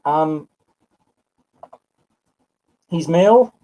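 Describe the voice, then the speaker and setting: A Scottish man in his fifties, working as a medium, draws out his words in a dark-toned, slightly high, expressive voice. During live spiritual readings he musings aloud, correcting himself and naming his sitters, all on poor audio.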